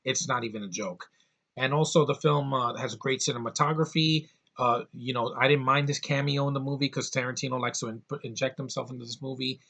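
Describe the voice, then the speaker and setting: A man's voice: medium pitch, pushed and bright. Blunt, swearing man reviewing a film. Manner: blunt, rambling, swears often, many restarts. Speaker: movie reviewer.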